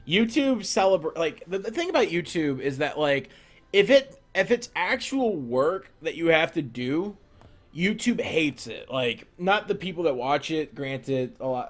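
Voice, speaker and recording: A young man live-streaming while he draws, chatting casually and rambling as he answers viewer questions. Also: fairly high pitch.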